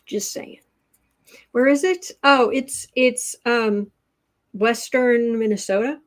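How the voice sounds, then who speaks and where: Livestream host, woman, chatty and quick with asides, voice sitting a bit high. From Midwestern United States. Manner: chatty, quick asides, reads viewer comments aloud. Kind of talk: casual livestream chat reading cards and comments.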